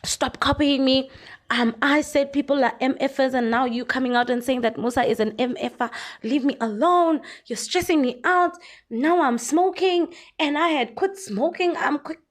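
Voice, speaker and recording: A woman's voice: high-pitched, moderate pace, pitched above the performer's own voice, close to an everyday voice. A woman imitating an upset, swearing woman during a casual vlog rant. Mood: exasperated. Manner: exasperated, repetitive cursing. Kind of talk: quoting someone in a casual vlog.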